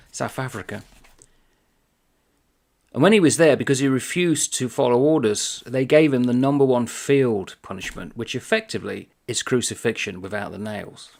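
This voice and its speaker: A man talks through a comic novel in a casual, conversational way and reads passages aloud now and then. His voice sits at a middling pitch with a creaky, gravelly grain. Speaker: book reviewer. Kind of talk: casual book-review chat.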